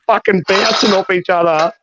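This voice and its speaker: A man's voice: sits high, moderate pace, dull audio, background noise. A man, co-hosting a casual chat and telling a rowdy story laced with swearing. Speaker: co-host.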